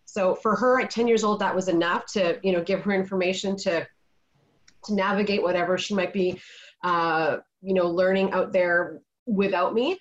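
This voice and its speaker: A woman's voice: medium pitch, fairly even intonation, brisk. A middle-aged woman on a video call, telling a parenting story in an earnest, casual way. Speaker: panelist. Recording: dull lo-fi video call audio.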